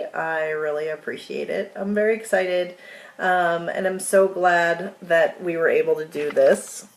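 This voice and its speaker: A woman author giving a casual, tearful video update to her followers, talking slowly and haltingly with many fillers. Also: medium pitch, reverberant.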